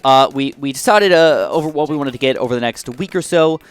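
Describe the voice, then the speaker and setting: A young man casually retelling a frustrating story to his viewers, animated and exasperated, with many fillers and restarts. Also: mid-range voice, brisk, clean tone, no room sound, faint music behind. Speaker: YouTube gaming vlogger.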